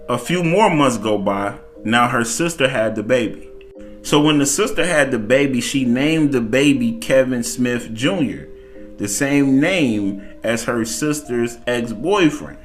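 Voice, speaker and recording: A man spins a messy cheating tale in an easygoing spoken style, putting a bit of drama into the quoted lines. His voice sits in a middle register. Quiet music plays underneath. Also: mid-range voice. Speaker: storyteller. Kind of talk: casual spoken storytelling.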